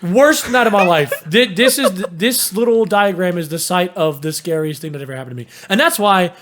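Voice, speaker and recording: A young man co-hosting a casual podcast, telling stories in an animated way and swearing freely. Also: high-pitched, a little fast, noisy background. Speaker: podcast co-host.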